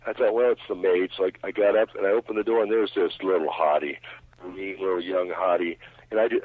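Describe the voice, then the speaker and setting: A man's voice: on the low side, husky, dry recording. A man calling in as a radio interview guest, rambling through anecdotes. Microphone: telephone. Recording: tinny dry phone line.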